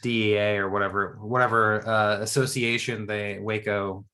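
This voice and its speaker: A young man on a podcast, talking in a relaxed, offhand way. He swears casually and tosses out dry, crude jokes in easy conversation. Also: on the low side, moderate pace, a little hiss or hum. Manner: laid-back, swears freely, dry jokes. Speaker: podcast co-host. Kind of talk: casual chat.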